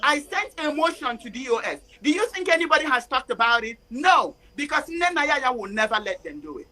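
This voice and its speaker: A woman calling in to a talk show, speaking angrily and building to shouting, close to tears. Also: high voice, big pitch swings, fairly quick, poor audio. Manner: angry, rising to shouting and near tears. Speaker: caller. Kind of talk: impassioned call-in rant.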